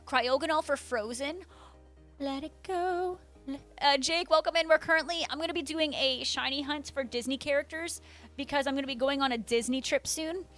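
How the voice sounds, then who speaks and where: A woman's voice: high voice, a little fast, fairly bright tone, soft background music. A young woman streaming live, chatting casually and bubbly as she reads out her viewers' messages.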